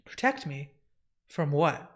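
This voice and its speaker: A man's voice: on the high side, big pitch swings, slow, a bit bright, full character voice. A man voicing a blunt, wary young woman in her twenties while reading a comic. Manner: blunt, plain-spoken.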